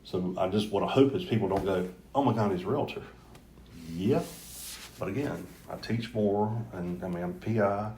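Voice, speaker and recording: A man's voice: lowish voice, normal speed, mellow, a little hiss or hum. A middle-aged man from North Carolina, a mayoral candidate guest, talking earnestly in a rambling, casual way with frequent restarts. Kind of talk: casual conversational interview. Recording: roomy echoey room.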